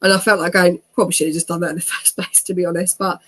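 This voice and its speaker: Rapid-fire and level, this thirties woman's voice is lowish with a fairly bright tone. As an interview guest she chats through her own story, laughing frequently and imitating what people said.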